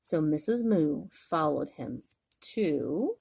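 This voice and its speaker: Slow, soothing older grandmother. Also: low-pitched, expressive, vocal fry, husky. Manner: gentle, soothing. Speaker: grandmother storyteller. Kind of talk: bedtime story reading.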